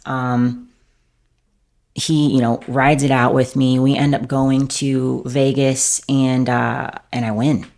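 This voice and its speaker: Woman guest on a podcast, gravelly fry in her voice, rambly and candid, like like like. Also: rumbling low, little pitch movement, slow, a little mellow. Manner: rambling, fills every phrase with "like". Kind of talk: candid personal storytelling.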